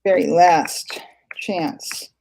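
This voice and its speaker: A woman's voice: fairly low pitch, steady tone, extremely slow, creaky, dark tone. Woman host, chatty, giggly, faint noise behind, live-stream chat. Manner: chatty, giggly, self-deprecating. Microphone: computer mic, screen sharing.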